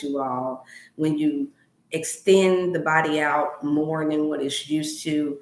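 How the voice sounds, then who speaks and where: A woman's voice: deep voice, reverberant. A middle-aged woman hosting a wellness livestream from her home, chatting in a rambling, folksy way and leading a prayer. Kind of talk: casual livestream chat with prayer. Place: room at home.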